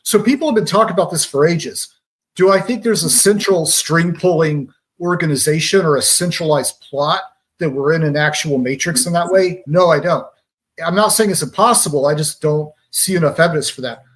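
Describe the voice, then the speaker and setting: A man's voice: on the high side, moderate pace. Man explaining propaganda with pop analogies. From Georgia, US. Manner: analytical, uses pop-culture analogies. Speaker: radio show guest. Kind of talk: conversational explaining.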